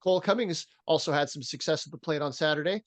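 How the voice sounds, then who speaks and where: A man's voice: fairly high pitch, fast, no room sound. A man co-hosting a podcast, chatting casually about baseball and reading through stats with plenty of fillers. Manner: reads stats in a steady rundown, with fillers. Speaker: podcast co-host. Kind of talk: casual sports chat.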